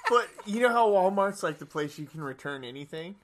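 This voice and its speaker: Lively, laughing co-host trading jokes. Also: mid-range voice, brisk. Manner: teasing, laughing, feeds jokes with questions. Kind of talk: casual comedic chat.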